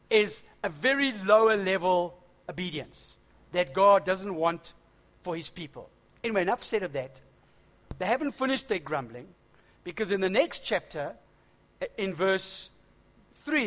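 A middle-aged man delivers a sermon in a high, light voice. He reads scripture aloud, then unpacks it in a relaxed, conversational way with the odd joke. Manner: expository preaching, conversational asides and humor. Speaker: preacher.

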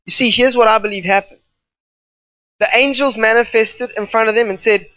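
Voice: medium pitch, fairly even intonation, normal speed, dry recording. An emphatic preacher delivering a sermon, leaning on repetition and drifting into off-the-cuff asides. The recording is dry, with no room sound, and slightly dull and muffled in tone.

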